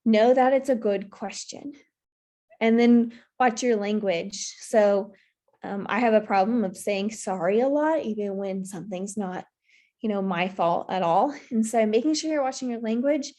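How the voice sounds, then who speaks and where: A woman's voice: medium pitch, normal speed, dark tone. Earnest woman giving advice over a video call. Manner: earnest, advice-giving, many "you know" fillers. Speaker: workshop presenter. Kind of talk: virtual workshop presentation.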